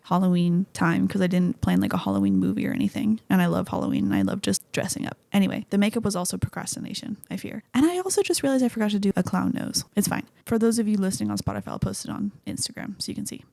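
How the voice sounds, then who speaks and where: A woman's voice: mid-range voice, vocal fry, dark tone, no echo. A young woman hosting a podcast, chatting casually about a movie in a rambling way, full of "like" and the odd swear word. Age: young adult. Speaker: podcast host.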